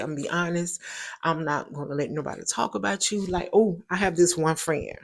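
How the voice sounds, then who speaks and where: A woman's voice: lowish voice, steady tone, brisk, creaky. Chatty woman storyteller. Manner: chatty, emphatic, repeats points for stress. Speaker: show host. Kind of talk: casual storytelling monologue.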